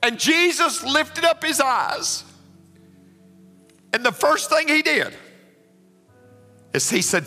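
A man's voice: very high voice, sing-song, takes it slowly, pauses often, bright, forceful tone. A man preaching a sermon, emotional and building to fervent exclamations. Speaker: pastor. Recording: long hall reverb with faint music.

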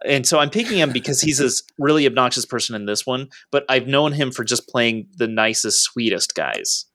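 A man's voice: mid-range voice, expressive, moderate pace, fairly bright tone, dry recording. A man with a middle-range voice hosts a casual movie podcast. He talks in a loose, hesitant way, full of fillers and restarts. The sound is dry and close, with no room around it. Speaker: podcast co-host. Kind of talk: casual chat.

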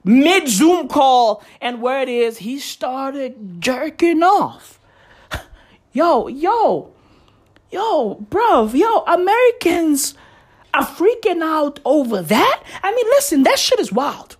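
A woman's voice: high voice, sing-song, slow. A woman hosting a solo podcast, ranting in a profane, exasperated way full of slang. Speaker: podcast host. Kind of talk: casual solo podcast rant.

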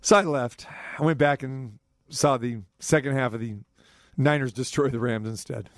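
A middle-aged man hosting a sports radio show, telling a rambling story with animated swings between high and low. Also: normal speed, no room sound, studio quality. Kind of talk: casual sports talk chat.

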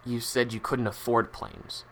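A man hosting a podcast, teasing and questioning his guest in improvised comedy banter, quick to laugh. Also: medium pitch, flat delivery. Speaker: podcast host.

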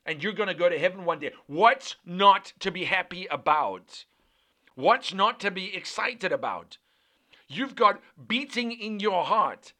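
A man's voice: high voice, expressive, a little slow, sharp tone. A man preaching a sermon with fervent, repetitive rhythmic cadence, building lists phrase by phrase.

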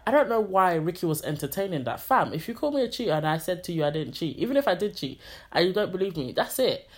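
A woman in casual chat, animated and exasperated, swearing freely. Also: lowish voice, fast talker.

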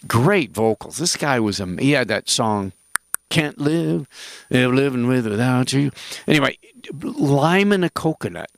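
A man's voice: medium pitch, expressive, unhurried, gravelly, dry recording. A man hosting a radio health call-in show, talking casually in a rambling, jokey way with emphatic asides.

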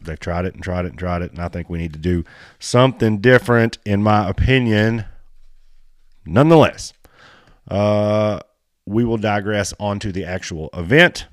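Deep-voiced blunt man. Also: moderate pace, no room sound, clean studio sound. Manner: blunt, joking, folksy. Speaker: podcast host. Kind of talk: casual chat about off-road racing.

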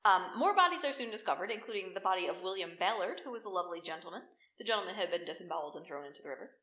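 A woman's voice: medium pitch, expressive, racing, pushed and bright, roomy sound. A woman co-hosting a podcast, telling a true crime story in a chatty, joking way. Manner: chatty, jokey storytelling, laughs often. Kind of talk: casual chat.

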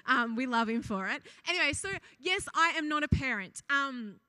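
Young woman, casual sermon, giggly, chatty, bright voice, dry close sound. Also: high voice, animated, normal speed, no room sound. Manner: giggly, chatty, breaks off often with laughs; reads funny anecdotes aloud to the congregation. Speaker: church speaker.

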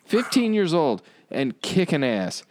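A man's voice: on the high side, huge pitch swings, a little slow, darkish tone, no echo. A man hosting a podcast in crude, easygoing banter, laughing often and swearing casually. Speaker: podcast host.

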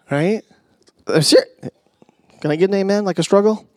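Male pastor, middle-aged, preaching a sermon, high voice, dry close sound, hushed near-whispers, asides to the congregation. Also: lively intonation, fairly quick, pauses often, no echo. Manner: dynamic preaching, swinging from loud emphasis to hushed near-whispers; conversational with fillers and asides to the congregation.

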